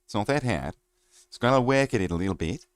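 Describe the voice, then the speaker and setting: A man putting on a mock Australian and New Zealand accent, talking in a slow, mumbled drawl. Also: mid-range voice, a little mellow, lightly acted. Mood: mock-earnest.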